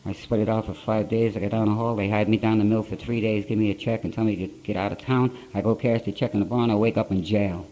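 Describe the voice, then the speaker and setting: Mellow-voiced man telling a blunt story. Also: on the low side, fairly even intonation, fast, few pauses, low-quality recording. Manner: blunt storytelling in plain rough grammar. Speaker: speaker at a recovery conference. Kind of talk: personal recovery story told to an audience. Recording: old conference tape.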